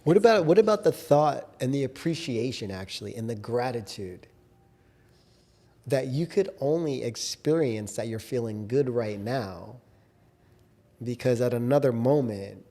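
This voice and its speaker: A young man co-hosts a podcast in a mellow, warm voice at a middle pitch. He talks earnestly and reflectively, like a coach working through an idea. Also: lively intonation, unhurried. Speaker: podcast co-host. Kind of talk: casual chat.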